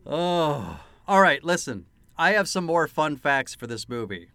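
A man's voice: a little high, measured pace, clean tone, dry recording. A man co-hosting a casual film podcast, telling anecdotes with frequent swearing and laughter. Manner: animated, profane, laughs often while telling anecdotes. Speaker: podcast co-host. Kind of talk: casual film-review chat.

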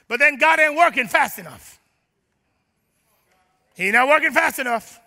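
A pastor preaching a sermon. He acts out his listeners' prayers and swings between loud declarations and near-whispers. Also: extremely high pitch, expressive, a little slow, pauses often, in a large hall.

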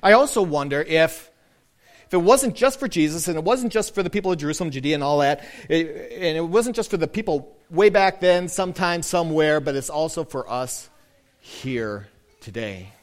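A male pastor giving a casual, conversational sermon, slowing down and softening for quoted lines. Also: a little high. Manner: lively, conversational preaching with soft, slowed quoted lines.

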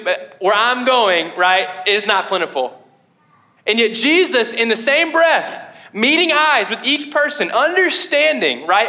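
Young guy preaching, high bright voice, super casual and chatty, lots of likes and ums. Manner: casual, animated preaching with many fillers. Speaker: pastor. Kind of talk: sermon.

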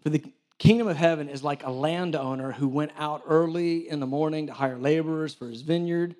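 A brisk, somewhat high-voiced man preaches in his role as church director. He brings his stories to life by acting out the dialogue and shares jokes with the congregation.

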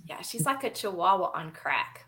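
Bright, lively woman telling funny stories. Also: on the low side, moderate pace. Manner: laughing, animated, acts out quoted people. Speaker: guest, animal photographer. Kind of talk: casual conversational storytelling.

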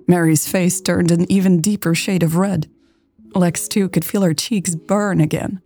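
Woman storyteller, romance audiobook; husky, dark, steady delivery. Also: fairly low pitch, unhurried, soft background music. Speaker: audiobook narrator. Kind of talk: scripted romance story narration.

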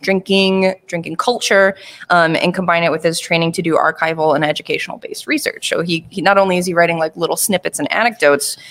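A woman's voice: lowish voice, fairly even intonation, fast talker, a bit bright. A woman co-hosting a podcast, talking in a chatty, loose way with fillers. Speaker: podcast co-host. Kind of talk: casual chat.

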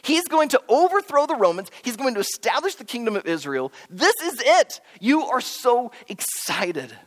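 A man preaching with a high, very lively voice that rises and falls a great deal as he tells a story dramatically. He speaks straight to the listeners as if they were there and sinks to a near hush at the solemn turns. His voice rings out with the long reverb of a large hall. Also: normal speed. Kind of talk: sermon retelling a story in the second person.

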